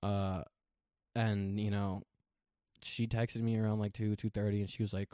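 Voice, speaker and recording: A young man telling a story in casual chat, profane and animated, acting out quoted lines. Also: lowish voice, normal speed, long pauses, clear, resonant tone, no room sound, clean studio sound.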